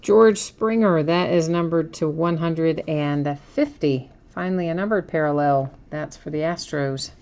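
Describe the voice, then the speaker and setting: A woman's voice: deep voice, unhurried, hardly any pauses, darkish tone. A woman hosting a live card break, chatting casually as she opens packs and reads out each card.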